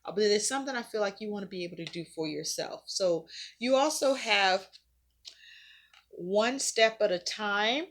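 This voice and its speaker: A woman's voice: medium pitch, normal speed, a bit bright. Chatty woman doing a tarot reading. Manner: conversational, repeats herself, frequent fillers, casual swearing. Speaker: tarot reader.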